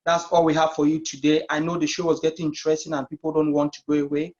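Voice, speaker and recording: A man's voice: a little high, level tone, fast talker, darkish tone. A man hosting a discussion show, earnest as he asks questions and wraps up. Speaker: talk show host. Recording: dull lo-fi sound.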